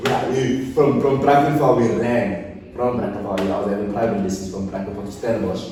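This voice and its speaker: A man, a guest on a podcast, telling stories in casual chat and swinging from quiet to loud as he goes. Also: lowish voice, steady tone, a little fast, far from the mic, background noise. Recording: echoey room, speaker off-mic.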